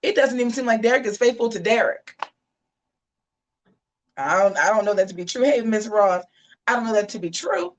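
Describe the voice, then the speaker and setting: A woman's voice: fairly high pitch, moderate pace, pauses often, far from the mic. Sassy woman hosting a live chat show. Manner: animated, sassy, talks back to chat. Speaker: host of a live commentary show. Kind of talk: livestream commentary reading chat.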